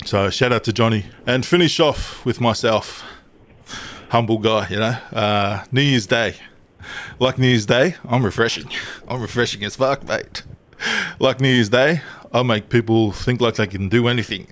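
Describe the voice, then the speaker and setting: A young man banters on a casual podcast. He teases and swears freely, dropping "mate" into most lines. His voice sits at an ordinary pitch for a man. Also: moderate pace, fairly bright tone. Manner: swearing, teasing, says "mate" a lot. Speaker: podcast co-host.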